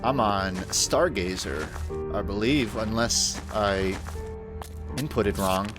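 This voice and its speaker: Man, lowish voice, casual joking gameplay commentary, game music behind. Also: slow pace. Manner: joking, offhand, tired late-night banter. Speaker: streamer. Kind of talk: casual live commentary while gaming.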